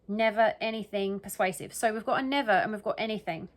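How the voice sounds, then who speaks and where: A woman's voice: medium pitch, fast. A woman giving casual solo commentary that analyzes the wording of an interview, thinking aloud and often checking in with "right?" and "okay?". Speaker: true crime commentator.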